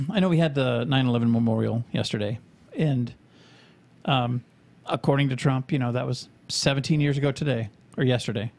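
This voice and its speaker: Man, podcast co-host, gravelly, rambling and profane, casual chat. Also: mid-range voice, normal speed, darkish tone.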